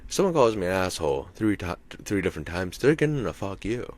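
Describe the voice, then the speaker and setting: A comedian hosting a podcast delivers a rambling, profane story as a casual monologue, repeatedly asking "you know what I mean." His deep voice is very animated at a moderate pace, with no room sound.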